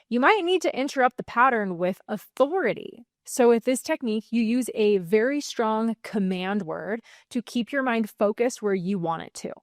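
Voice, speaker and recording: A woman sleep coach teaching calming techniques in a soothing, gently firm way, with light laughs between points. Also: medium pitch, no echo, clean studio sound. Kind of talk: calm self-help teaching to camera.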